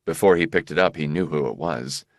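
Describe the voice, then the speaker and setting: A man narrating an audiobook in a measured, expressive reading voice. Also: extremely low pitch, no room sound, studio quality. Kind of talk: scripted narration.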